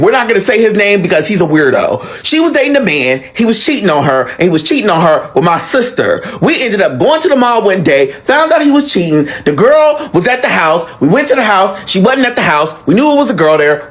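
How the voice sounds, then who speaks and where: Animated young man telling a story. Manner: animated, swearing, dramatic pitch swings. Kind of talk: casual storytime.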